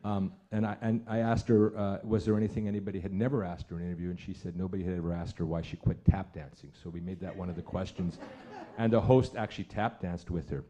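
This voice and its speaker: A man's voice: low voice, steady tone, fast talker, mellow. A man, an author, telling a wry comic story on a theater stage. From Canada. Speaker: author on a festival panel.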